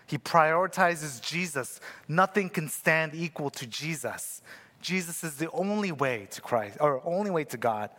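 A man's voice: fairly high pitch, animated, a little slow, pushed and bright. A young adult man preaching a sermon in a loose, conversational way, telling a personal story and often asking his listeners "right?". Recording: long hall reverb.

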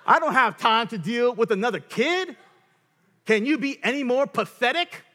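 A man voicing a scornful, exhausted wife who mocks her spouse in a shrill, exasperated tone. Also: normal speed, bright, forceful tone. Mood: sneering. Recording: long hall reverb.

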